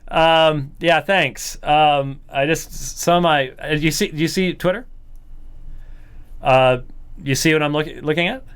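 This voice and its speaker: Hosting an apologetics commentary show, this man talks casually and with animation, breaking into imitations partway through sentences. His smooth, resonant voice is a little high and fairly bright, and his pace is a little slow.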